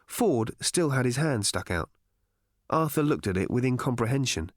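A man's voice: mid-range voice, animated, moderate pace, no room sound. Dry-voiced male audiobook narrator. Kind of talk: scripted narration.

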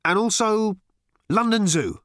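A brash, breezy alien man barks orders in a raised, lively voice, as a male audiobook reader puts him on. The sound is dry and close. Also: sits high, no room sound, pitched above the performer's own voice. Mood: bossy. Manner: brash, bossy, fast-talking. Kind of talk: audiobook character voice.

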